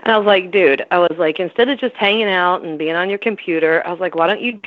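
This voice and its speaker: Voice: medium pitch, fast talker. Laid-back rambly speaker on a chat show, kinda muffled lo-fi sound. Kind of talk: casual chat. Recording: dull lo-fi sound.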